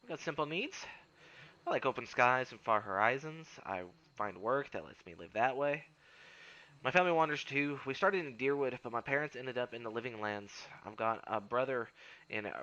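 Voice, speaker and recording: A wry, restless wilderness guide woman , voiced by a man speaks with a put-on accent that keeps slipping toward Irish. The voice is bright and forceful, read from a role-playing game. The recording sounds dull and lo-fi. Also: medium pitch, moderate pace, natural voice. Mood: earnest.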